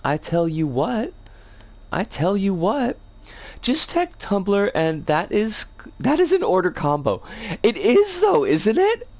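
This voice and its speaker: A game streamer chatting casually on a livestream, rambling with playful slang, their voice rough and scratchy today. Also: medium pitch, very animated, slow pace, a little mellow.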